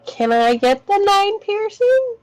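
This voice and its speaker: A woman's voice: extremely high pitch, very animated, slow, a little mellow, soft background music. A woman playing a tabletop game, stating her character's action playfully. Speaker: player. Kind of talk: casual game chat.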